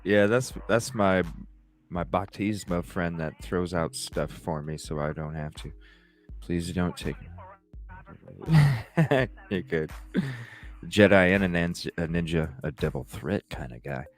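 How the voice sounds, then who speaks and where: Low-voiced man, rambling stream host. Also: animated, takes it slowly, faint music behind. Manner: rambling, swears freely, laughs often. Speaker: live stream talk show host. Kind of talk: casual live-stream chat.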